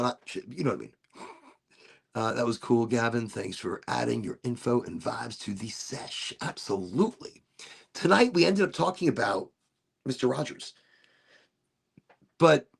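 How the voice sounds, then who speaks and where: A man's voice: mid-range voice, creaky, breathy edge. A man hosting a casual livestream chat, rambling loosely with giggly, self-interrupting asides. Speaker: livestream show host.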